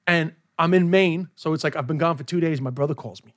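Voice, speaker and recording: A man, around his forties, a comedian chatting on a podcast, telling stories in an animated way, acting out dialogue and swearing often. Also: on the high side, a little fast. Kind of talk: casual podcast interview.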